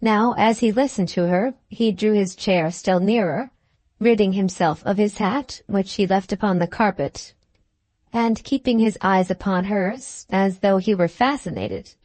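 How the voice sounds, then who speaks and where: A woman's voice: mid-range voice, measured pace, a little mellow, no room sound. Woman narrating a classic novel. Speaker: audiobook narrator. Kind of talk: scripted audiobook narration.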